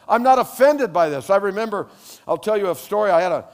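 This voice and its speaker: An older male pastor preaches with lively stories and sudden loud exclamations. His voice sits fairly high for a man, and it rings with the long reverb of a large hall. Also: quick pace. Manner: animated storytelling, rising to loud exclamations. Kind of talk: sermon with personal stories.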